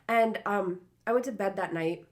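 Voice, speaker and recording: A woman's voice: mid-range voice, normal speed. Chatty young woman telling stories. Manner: chatty storyteller, lots of "like" and laughs. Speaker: podcast co-host. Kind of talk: casual chat.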